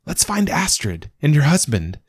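A man's voice: a little high, wildly swooping pitch, moderate pace, breathy edge, pitched above the performer's own voice, exaggerated voice. A man voicing a small, loyal black-and-white dog that talks in an eager, earnest way, in a storybook reading.

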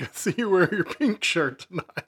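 A man's voice: sits high, lively intonation, measured pace, a bit bright, slightly rough. A man, co-hosting a podcast in casual chat and telling stories while acting out his friends' lines. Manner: laughing storyteller, acts out friends' lines. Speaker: podcast co-host.

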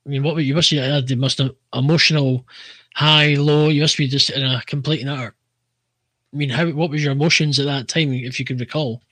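A man interviewing a guest, asking long, halting questions that keep restarting. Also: medium pitch, steady tone, fairly bright tone, slightly rough, no room sound. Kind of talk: casual interview.

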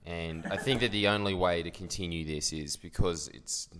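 A man's voice: low-pitched, moderate pace, big-room sound, background noise. A man, ranting brashly as a podcast co-host in casual comedic chat. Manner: brash, ranting, mock-outraged.

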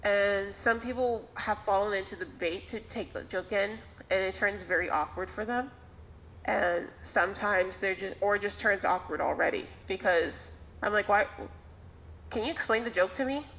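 A woman's voice: mid-range voice, normal speed, a bit bright, a little hiss or hum. A woman telling a story in casual podcast chat, wry and playful in her delivery. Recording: dull lo-fi recording.

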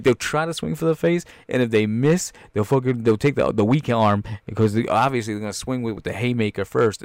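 A man's voice: medium pitch, dry recording. A man doing profane, rambling comedic commentary while reacting to a film.

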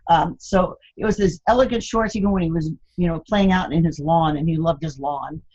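A woman's voice: deep voice, fairly quick, darkish tone, husky, lo-fi sound. An older woman chatting as an interview guest, telling family stories and laughing often. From Florida, USA. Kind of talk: casual interview chat.

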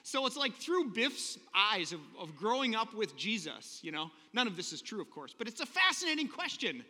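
A lively, high-voiced man preaches, his pitch leaping around as he tells the story with jokes and quick character voices. His tone is bright and sharp, and a long hall reverb trails after each phrase. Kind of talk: sermon.

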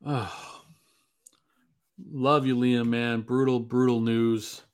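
A man's voice: medium pitch, level tone, slow pace. A man guesting on a casual sports podcast, laid-back and wisecracking.

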